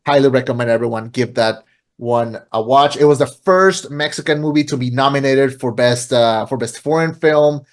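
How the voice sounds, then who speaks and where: A man's voice: mid-range voice, normal speed. A podcast co-host chatting casually as he retells a film's plot, with many fillers and restarts.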